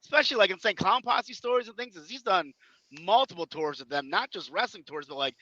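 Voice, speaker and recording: Bright, high-voiced man telling stories. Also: brisk, dry recording, dull audio. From Chicago area. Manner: animated, acts out quotes, laughs often. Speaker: guest wrestler. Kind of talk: casual podcast storytelling.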